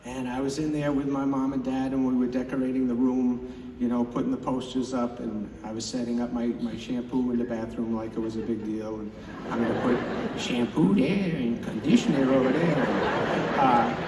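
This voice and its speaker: A man's voice: mid-range voice, steady tone. Emotional man stammering through a speech. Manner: halting, stammering, sincere. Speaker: commencement speaker. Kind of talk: commencement speech. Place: large ceremony venue with an audience. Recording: echoey hall, distant mic, crowd noise.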